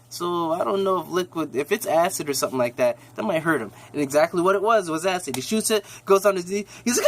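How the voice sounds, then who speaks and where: A man's voice: sits high, animated, fast talker, hardly any pauses. Slangy, rambling man recapping a show. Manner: rambling, slangy, many restarts. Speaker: TV episode recapper. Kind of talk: casual recap chat.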